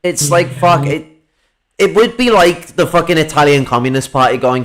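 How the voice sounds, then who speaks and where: A man's voice: fairly high pitch, animated, normal speed, fairly bright tone, a little hiss or hum. A man chatting casually about politics, swearing freely and rambling with laughs. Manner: profane, rambling, laughs often.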